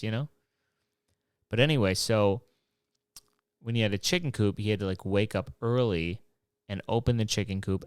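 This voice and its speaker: A man's voice: lowish voice, smooth, no room sound, studio quality. A young man hosting his own show, rambling casually and swearing, mocking himself as he goes. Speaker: podcast host. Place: New York City apartment.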